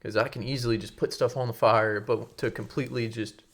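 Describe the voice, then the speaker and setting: A man's voice: medium pitch, steady tone, a little fast. A young man co-hosting a faith podcast, speaking in an encouraging, slightly preachy way and often repeating himself as he builds a point. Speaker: podcast co-host. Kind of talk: casual faith conversation.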